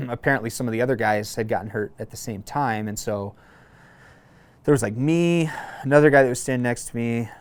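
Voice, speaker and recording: Man telling a war story, halting. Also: mid-range voice, clear, resonant tone. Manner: relaxed, halting, many fillers and restarts. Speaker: guest, former Marine. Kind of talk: casual conversational storytelling.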